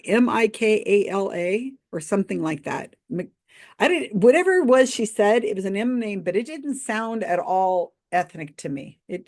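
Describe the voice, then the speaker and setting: The livestream commentary host has a mid-range, slightly mellow voice. She goes through viewer comments casually and with doubt, laughing often.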